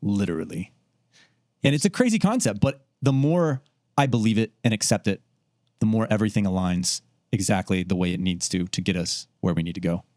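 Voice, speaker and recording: A man co-hosting a casual podcast, talking earnestly and haltingly, repeating words as he works toward his point. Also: lowish voice, darkish tone, no room sound, studio quality. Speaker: podcast co-host. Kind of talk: casual chat.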